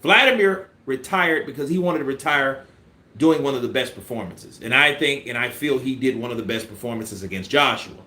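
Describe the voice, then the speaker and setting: A man's voice: medium pitch, fairly quick, echoey room. A man giving casual, profane boxing commentary on a live stream, acting out punch combinations. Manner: animated, profane, acts out punch sequences.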